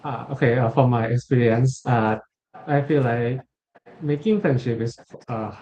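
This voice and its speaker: A hesitant young man in a student discussion, pausing with many "uh"s and restarting his sentences. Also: medium pitch, a little mellow, slight background noise. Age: young adult. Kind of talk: casual group discussion. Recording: dull muffled audio.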